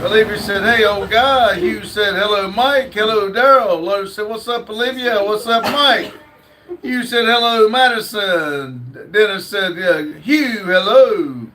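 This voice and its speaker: A man's voice: sits high, a little slow, pushed and bright, slight background noise. A man hosting a casual livestream, reading viewer comments aloud with lots of fillers. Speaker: livestream host reading chat.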